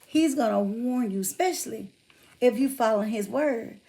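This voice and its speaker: A woman hosts a relaxed livestream, talking chattily to her viewers and calling them out by name. Her voice sits a little high and has a gravelly, fry-laden edge. She speaks openly about her faith as she talks. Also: moderate pace. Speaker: livestream host. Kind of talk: casual livestream chat with viewers.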